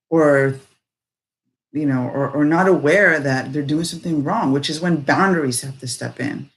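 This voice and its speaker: A woman's voice: sits low, normal speed, long pauses. Woman rambling through a reflective talk. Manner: animated, rambling, many fillers.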